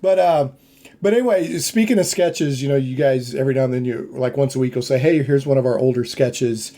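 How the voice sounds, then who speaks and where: A man's voice: mid-range voice, fairly quick, dark tone. A man hosting a podcast, chatting casually and rambling with many restarts. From United States. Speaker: podcast host. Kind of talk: casual chat.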